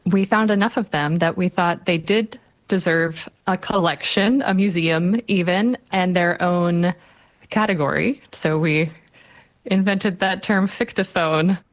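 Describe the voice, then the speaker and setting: A woman speaking as a guest author in an interview, explaining in a measured way. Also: fairly low pitch.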